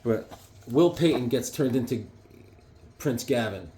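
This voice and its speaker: Excited man showing off comics. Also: medium pitch, unhurried, slight background noise. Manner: enthusiastic, rambling, chuckling. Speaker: comic book collector showing his collection. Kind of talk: casual show-and-tell chat.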